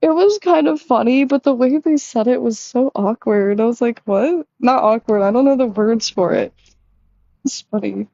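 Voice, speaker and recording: Young woman rambling on about her own stuff, lots of likes, mellow warm tone, dry dull-ish sound. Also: moderate pace, vocal fry, no room sound. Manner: chatty, lots of "like", acts out quotes in a higher voice. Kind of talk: casual confessional chat.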